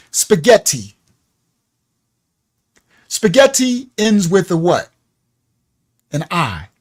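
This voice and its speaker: Slow, emphatic man teaching on a livestream. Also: sits high. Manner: emphatic, repeats words, asks rhetorical questions; chatty, addresses viewers by name. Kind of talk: live-streamed religious teaching.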